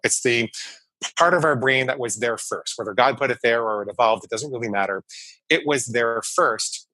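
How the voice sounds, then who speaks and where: A man's voice: medium pitch, bright, forceful tone, no echo, low-quality recording. A man in his fifties, a psychologist guest in an interview, explaining things emphatically and repeating key phrases. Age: 50s. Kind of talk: conversational interview storytelling.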